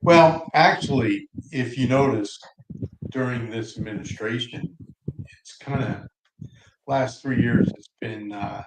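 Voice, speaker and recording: A man's voice: mid-range voice, takes it slowly. A playful man chatting on a casual stream, drawling through his stories. His voice rings in an echoey room, with a faint hiss underneath. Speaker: co-host. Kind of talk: casual chat.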